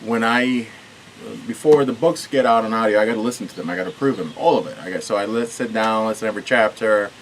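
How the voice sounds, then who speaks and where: A man's voice: fairly low pitch, fast talker, slight background noise, rough recording. A man from Puerto Rico, an author, talking casually behind the scenes with many restarts and fillers.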